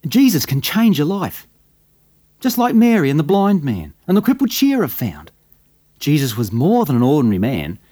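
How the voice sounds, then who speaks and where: Lively folksy Australian man narrating. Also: sits high. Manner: folksy, conversational bush yarn. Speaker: storyteller. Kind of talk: scripted radio narration.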